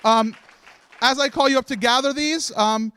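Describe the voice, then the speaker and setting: A man's voice: very high-pitched, normal speed, bright, forceful tone, clear, resonant tone, some chatter behind. A man hosting a live charity event, nervously rambling and laughing as he hands out awards, with faint music behind him. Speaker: host handing out awards. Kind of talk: emotional live event speech. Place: live stream event room.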